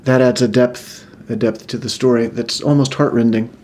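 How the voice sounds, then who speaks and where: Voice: medium pitch, fairly even intonation, normal speed, darkish tone, a little hiss or hum. A speaker improvising a mock-serious interviewer asking probing questions in a comedy interview.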